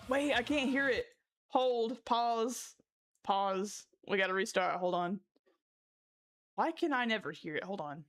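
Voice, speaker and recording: A woman's voice: medium pitch, lively intonation, a little slow, pauses often. A young woman streamer chatting casually with her viewers, laughing hard and cursing often. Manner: giddy, laughing fits, cursing. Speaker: livestreamer. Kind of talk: casual livestream chat.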